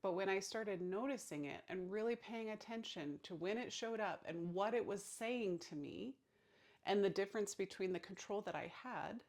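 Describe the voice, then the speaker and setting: A woman in her thirties talks gently in a reflective self-help talk. Her pace is slow and unhurried, and she lets key phrases fall to a soft hush. Her voice sits at an ordinary middle pitch for a woman. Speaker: therapist and burnout coach.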